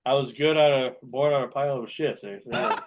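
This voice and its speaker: A man hosting a casual local radio show, chuckling often and reading tongue twisters out slowly. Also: medium pitch, muffled recording, very noisy.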